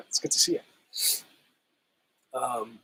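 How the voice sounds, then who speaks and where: A man hosting a casual livestream, reading chat and answering viewers, his voice still rough as he recovers from a cold. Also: mid-range voice, drawn-out words, a bit bright, no echo, poor audio. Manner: laid-back, chatty, laughs often, says "hell yeah".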